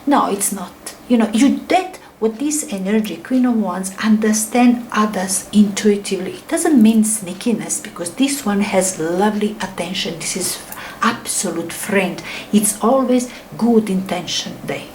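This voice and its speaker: A middle-aged woman chats her way through a tarot reading in non-native English, her voice sitting at an ordinary middle pitch. She rambles eagerly, and her voice often drops to a soft near whisper. A faint hiss of noise sits under her voice. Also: normal speed, poor audio. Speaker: tarot reader. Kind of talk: casual tarot reading to camera.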